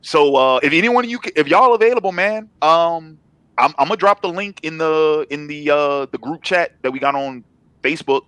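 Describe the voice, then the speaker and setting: A man's voice: a little high, normal speed, a bit bright, clear, resonant tone, dry recording. Laid-back slangy man, dry close sound. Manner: laid-back, slangy, repeats himself when building a point. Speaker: guest, comic writer. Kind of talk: casual interview chat.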